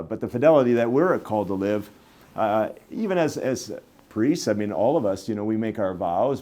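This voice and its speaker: Man, lowish voice, bishop, casual reflection, chatty storyteller. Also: warm tone.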